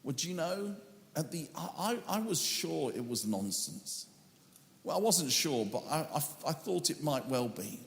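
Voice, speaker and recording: A man's voice: on the high side, animated, a little slow, creaky, reverberant, big-room sound. A man preaching a sermon as a pastor, telling a story earnestly and acting out the lines he once spoke. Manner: earnest storytelling, acts out his own quoted words.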